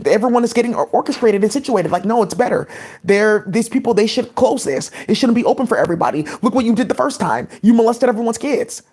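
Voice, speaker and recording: Fast, rambling woman vlogger. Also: on the high side, expressive, darkish tone, breathy edge. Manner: rapid, scattered, many "like" fillers. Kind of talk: rambling casual monologue.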